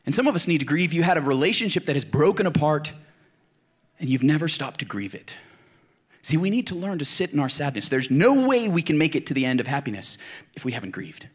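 A man's voice: fairly high pitch, big pitch swings, a little fast, husky. Earnest man preaching conversationally. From Colorado, United States. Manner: earnest, emphatic, talks straight to the listeners. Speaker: pastor. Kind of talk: conversational sermon.

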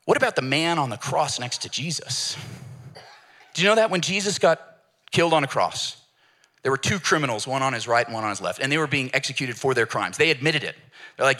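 A pastor delivers a sermon in a brisk, mid-range male voice, bringing his stories to life by acting out the voices of the people in them.

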